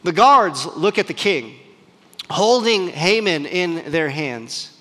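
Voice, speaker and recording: Animated high-voiced preacher man. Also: slow pace, big-room sound. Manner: animated, dramatic, conversational. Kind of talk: sermon storytelling.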